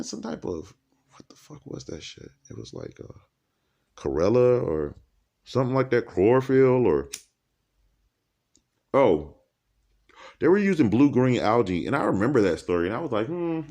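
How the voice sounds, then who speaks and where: Animated rambling man, very lively pitch. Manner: animated, laughing, jumps between topics. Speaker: vlogger. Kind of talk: rambling stream-of-consciousness monologue. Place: dark room indoors by candlelight.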